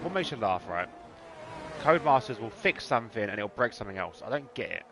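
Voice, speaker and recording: A man's voice: medium pitch, very animated, fairly quick. Man, put-on irish accent, sim race commentator, cheeky and sweary, constant background noise. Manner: banter-heavy, sweary, teasing drivers. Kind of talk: casual sim racing commentary.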